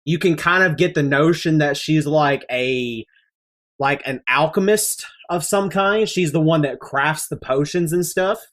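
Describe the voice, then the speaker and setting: A woman narrating as game master in a halting way with many fillers. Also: sits low.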